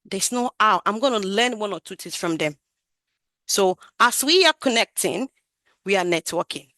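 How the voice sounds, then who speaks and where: A woman gives an animated, emphatic talk over a video call about growing her career as a QA tester, raising and lowering her voice for emphasis. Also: normal speed, no echo. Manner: animated, emphatic, varies her loudness and projection. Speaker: QA tester sharing career story. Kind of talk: talk on a webinar.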